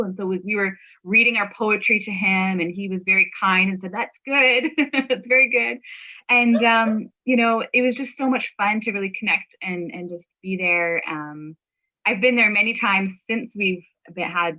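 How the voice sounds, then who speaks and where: A woman hosting a casual podcast chat with a friend, agreeable and quick to affirm. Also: mid-range voice. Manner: warm, agreeable, lots of affirming yeahs. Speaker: podcast host. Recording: dull lo-fi audio.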